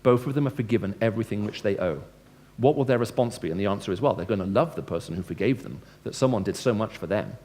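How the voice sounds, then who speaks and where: Animated and fast, with hardly any pauses, a man speaks in a fairly low, darkish voice. As a Christian speaker, he gives a conversational, lecture-style evangelistic talk to a live crowd, questioning listeners and acting out dialogue with changing tone.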